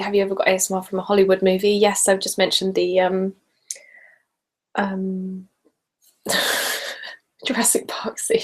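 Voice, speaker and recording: A woman from Essex with an English accent, hosting a casual live stream. She chats and giggles while reading out viewer comments, sometimes dropping into soft whispers, and sips wine as she talks. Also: mid-range voice. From Essex, England. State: sipping wine while talking. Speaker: ASMR creator hosting a live hangout.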